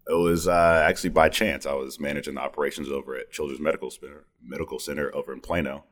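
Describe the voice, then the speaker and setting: A man with a deep radio voice, a business owner answering questions in a relaxed, polite way. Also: fast talker. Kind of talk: casual interview.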